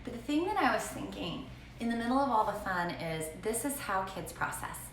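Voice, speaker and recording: A middle-aged woman from Southern Alabama with a Southern accent, co-hosting a morning show and telling family stories in an animated, chatty way. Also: medium pitch, soft background music. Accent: Southern American. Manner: animated storytelling, quick asides. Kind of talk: casual chat. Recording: roomy echo, faint noise.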